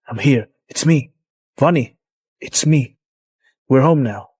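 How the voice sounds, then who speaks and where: An actor dubbing a devoted, possessive young man who speaks softly but insistently. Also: medium pitch, slow pace, husky, no room sound, studio quality. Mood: tender. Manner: soft, insistent. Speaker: wealthy male lead. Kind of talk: dubbed drama acting.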